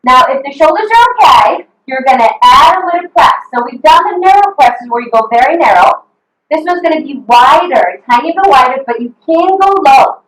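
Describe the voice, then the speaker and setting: A woman's voice: sits high, expressive, brisk, fairly bright tone, roomy sound, rough recording. A woman fitness coach leading an online workout, upbeat and encouraging, counting reps and whooping, a little out of breath. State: slightly out of breath. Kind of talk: live online workout instruction.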